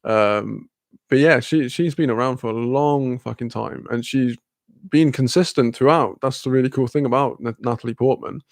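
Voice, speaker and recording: Laid-back gravelly man rambling to his stream. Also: medium pitch, moderate pace, no echo, clean studio sound. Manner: rambling, laid-back, swears casually, laughs often. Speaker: streamer chatting with live chat. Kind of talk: casual live-stream chat.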